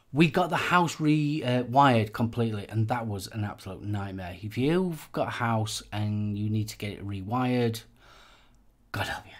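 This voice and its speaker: A man from England, hosting a live stream in a chatty, rambling way with lots of fillers. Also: medium pitch. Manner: chatty, rambling, with many fillers and repeated phrases. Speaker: host of a live vaping channel show. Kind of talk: casual live-stream chat.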